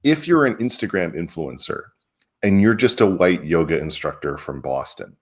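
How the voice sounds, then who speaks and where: Low-voiced man hosting a casual chat. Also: animated, moderate pace, slightly rough. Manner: rambling, filler-heavy, asks questions. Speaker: podcast host.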